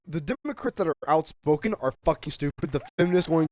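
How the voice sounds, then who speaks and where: A man with a high-set voice that leaps wildly up and down as he rants. He swears freely and bursts into shouts while streaming a game, casual and heated throughout. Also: expressive, brisk, no room sound. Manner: heated, profane, often shouting. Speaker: gaming streamer.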